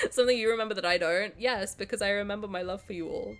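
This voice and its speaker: A woman's voice: mid-range voice, fast talker, faint music behind. A woman streamer who is sick, chatting effusively with her viewers and reading game text aloud, with many restarts and bursts of laughter. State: sick, slightly congested.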